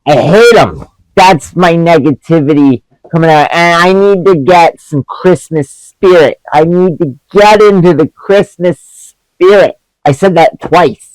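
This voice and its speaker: Sarcastic man ranting, higher voice. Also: measured pace, dry recording, rough recording. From Canada. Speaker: movie reviewer. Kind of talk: comedic rant review.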